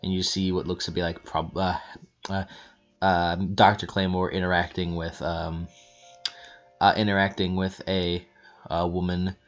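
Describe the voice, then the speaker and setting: A man narrating a tabletop game as game master, halting and searching for words, on a dull lo-fi recording. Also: low voice, level tone, faint music behind.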